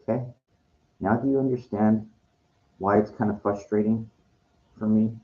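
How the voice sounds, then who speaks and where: A man's voice: lowish voice, steady tone, moderate pace, highs cut off. A man rambling in a frustrated monologue vlog, repeating himself and restarting his sentences. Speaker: vlogger.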